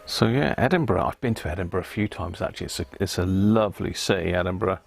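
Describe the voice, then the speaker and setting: A man's voice: low-pitched, fast talker, vocal fry, faint music behind. A man from Britain hosting a casual live stream, chatting away, often laughing and thanking viewers. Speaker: livestream host.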